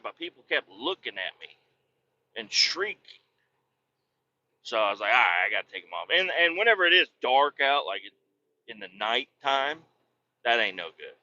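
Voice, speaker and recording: A man's voice: fairly high pitch, very animated, a little slow, long pauses, pushed and bright, highs cut off. A man telling profane, joking stories in a casual rambling monologue while driving a truck. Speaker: vlogger. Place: in a truck on a rainy day.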